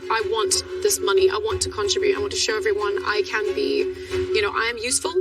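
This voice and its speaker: A woman, a reality show contestant, talking bluntly with loud exclamations and swearing, out of breath. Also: mid-range voice, steady tone, fast talker. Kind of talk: casual on-the-spot commentary. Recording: distant mic under loud music.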